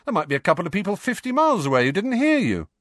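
Man doing a bright, teasing young wizard twin, quick and lively. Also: high voice, no echo, studio quality, pitched above the performer's own voice, heavily acted. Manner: teasing, grinning.

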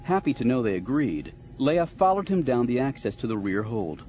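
A man narrating an audiobook in a measured, expressive storytelling manner. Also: medium pitch, lo-fi sound, a little hiss or hum. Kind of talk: scripted narration.

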